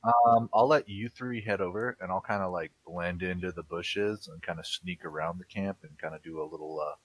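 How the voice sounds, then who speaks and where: Deep husky male player. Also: steady tone, moderate pace, low-quality recording. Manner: hesitant, hedging. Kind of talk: casual in-character talk.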